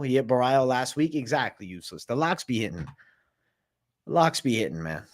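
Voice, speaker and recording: A man's voice: medium pitch, a little fast. A man hosting a live stream of fight predictions, talking in a brash, slangy and profane way. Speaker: host.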